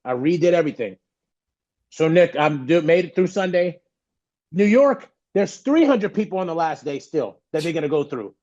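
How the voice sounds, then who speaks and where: A man's voice: fairly high pitch, expressive, normal speed, a little mellow, dull audio. A man, a guest on a podcast, telling a story with animation and acting out the voices of the people he quotes. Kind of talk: storytelling in an interview.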